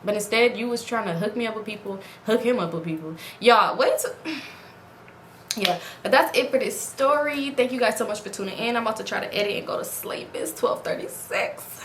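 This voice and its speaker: A woman's voice: on the high side, normal speed, reverberant, a little hiss or hum. A woman vlogger at home, casually telling a story to her viewers and acting out the quoted lines in a raised voice. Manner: animated, acts out quoted dialogue in raised voice. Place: home at night in front of a ring light.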